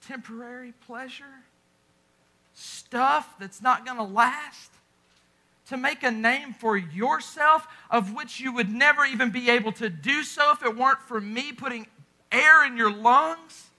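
High, bright-voiced male preacher. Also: unhurried. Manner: impassioned preaching with dramatic drops to a hush. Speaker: pastor. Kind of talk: sermon.

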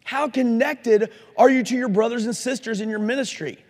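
A man's voice: very high voice, normal speed, a little mellow. A man preaching a sermon at a Christian conference, earnest and challenging, asking his listeners direct questions. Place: conference hall. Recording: live recording in a reverberant hall.

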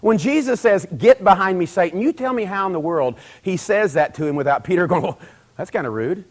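A man's voice: high voice, expressive, fairly quick. Emphatic middle-aged man preaching. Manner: conversational, building to loud emphatic peaks, acts out quoted dialogue. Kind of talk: sermon.

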